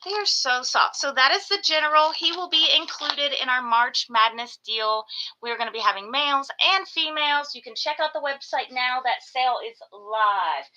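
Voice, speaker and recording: A woman with a high, very bright voice, chatting casually on a live stream from home. She gushes and coos at her pets, slipping into baby talk between her explanations. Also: moderate pace, poor audio. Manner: gushing, baby-talks to her geckos. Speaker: reptile breeder hosting a live sales stream.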